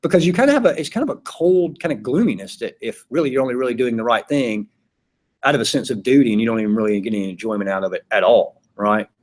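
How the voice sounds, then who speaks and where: A man's voice: medium pitch, expressive, fast talker. A man giving a casual classroom lecture, chatty, acting out his examples in little voices. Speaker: philosophy teacher.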